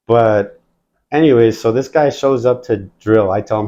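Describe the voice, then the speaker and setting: A man's voice: mid-range voice, normal speed, lo-fi sound. A man telling war-service stories in a casual, profane way, acting out the dialogue as he goes. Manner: profane, animated storytelling, acts out quoted dialogue. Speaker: guest, military veteran. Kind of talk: casual storytelling.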